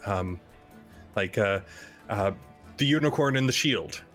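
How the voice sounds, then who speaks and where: A man playing a tabletop game, giving an in-character eulogy in a halting, earnest way with many fillers. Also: lowish voice, expressive, fairly bright tone, soft background music. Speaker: player.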